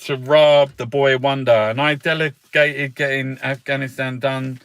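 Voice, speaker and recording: A man's voice: mid-range voice, little pitch movement, a little slow, fairly bright tone, clear, resonant tone. A man reviewing the news in a casual, sarcastic rant, swearing and laughing often. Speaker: political commentator reviewing newspapers. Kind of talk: casual ranting newspaper review.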